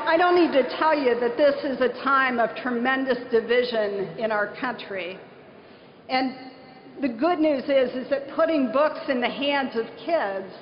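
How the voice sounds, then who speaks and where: A middle-aged woman from southern Ohio giving an earnest conference keynote, telling stories with emphasis. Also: high voice. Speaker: nonprofit leader giving a conference speech. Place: large conference hall. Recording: echoey hall, dull lo-fi sound, faint hiss.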